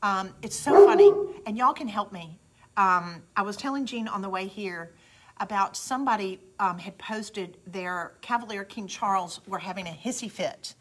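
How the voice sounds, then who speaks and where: Woman, Southern US accent, middle-aged, chatty craft host, mid-pitched voice. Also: lively intonation, moderate pace. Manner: chatty and folksy, addresses viewers as y'all. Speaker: craft host demonstrating a product. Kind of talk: live casual how-to demo.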